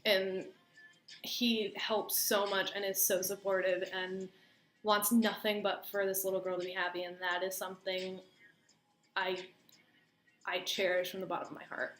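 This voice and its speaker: A woman's voice: medium pitch, level tone, moderate pace, a bit bright, soft background music. A young adult woman telling a personal story in casual, chatty storytime style, full of "like" fillers. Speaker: vlogger. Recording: roomy echo, faint room noise.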